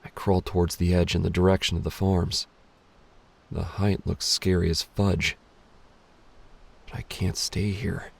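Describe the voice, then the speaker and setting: A man reads a first-person short story in a low, gravelly voice. He takes his time, with a dry, wry, self-mocking tone. The recording is close and dry, with no room sound. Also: a little hiss or hum. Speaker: narrator.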